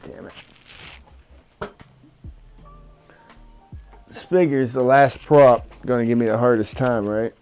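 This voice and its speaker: A man's voice: medium pitch, fairly even intonation, normal speed, few pauses, a little mellow, clear, resonant tone, soft background music. A man vlogging about his drone hobby as he works, frustrated, swearing and muttering to himself. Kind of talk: casual talk while working.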